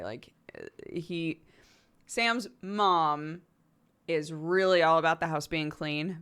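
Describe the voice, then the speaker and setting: A woman's voice: sits low, fairly bright tone, clear, resonant tone. A young woman who hosts a stream, telling a story casually and animatedly, filling her talk with "like" and laughs. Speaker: streamer host.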